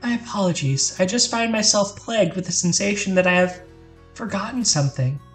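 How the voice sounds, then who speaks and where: A gentle, formal young woman from a video game speaks in courteous, measured phrasing, as a woman voices her. Her pitch sits in the middle, and she stays polite and wistful. Faint game music plays beneath her lines. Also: expressive, lightly acted.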